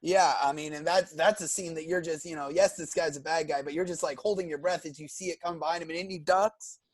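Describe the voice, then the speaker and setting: Man, high voice, halting casual film chat, dry close sound. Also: steady tone, no echo. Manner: halting, many restarts and "you know" fillers. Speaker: podcast co-host.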